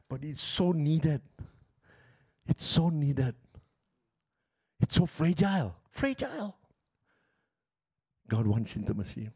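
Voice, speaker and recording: Man, pastor, middle-aged, preaching, loud to hushed. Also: mid-range voice, breathy edge. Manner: passionate storytelling preacher, swings from loud to hushed. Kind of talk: sermon.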